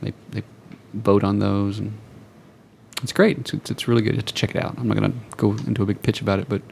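Low gravelly-voiced man chatting. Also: little pitch movement, darkish tone, a little hiss or hum. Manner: halting, repeats words. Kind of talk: casual group chat.

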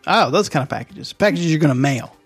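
A man's voice: a little high, expressive, a little fast, husky, soft background music. A man co-hosting a radio show, bantering casually and teasingly with his wife. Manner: teasing, jokey.

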